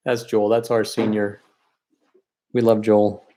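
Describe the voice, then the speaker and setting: A man leads a live-streamed painting lesson at a relaxed, talkative clip. He encourages his viewers as he works through each step and gets openly sentimental about the students he misses. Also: on the low side, slow. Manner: chatty and encouraging, talks while working. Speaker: art teacher leading a paint night.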